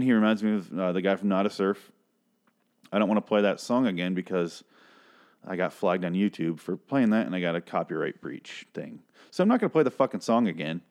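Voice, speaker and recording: A man's voice: deep voice, darkish tone. A man casually ranting through a TV episode recap, sarcastic and swearing often, drifting into tangents.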